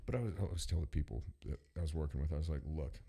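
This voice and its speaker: A man's voice: very deep voice, very fast, gravelly, dark tone, husky. A man co-hosting a casual talk show, telling long rambling stories full of swearing and acted-out quotes. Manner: rambling, profane, acts out quoted people. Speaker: podcast co-host. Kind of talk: casual storytelling chat.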